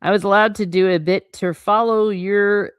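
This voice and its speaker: A woman reading the lines of a huge, gruff but kindly male groundskeeper in her own plain voice, without trying his accent. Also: medium pitch, fairly even intonation, normal speed, no room sound, clean studio sound, lightly acted. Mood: sheepish. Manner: plain read-aloud, no accent attempted.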